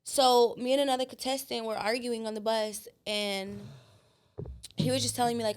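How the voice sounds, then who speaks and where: A woman guest on a podcast, telling her story in a blunt, profane and animated way. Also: on the high side, moderate pace. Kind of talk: casual storytelling chat.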